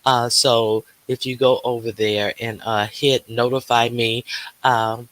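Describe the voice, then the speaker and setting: Male livestream host, relaxed unhurried pace, bright tense tone, chatty, greets viewers one by one. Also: mid-range voice. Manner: greets viewers by name, chatty with many fillers. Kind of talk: casual livestream chat.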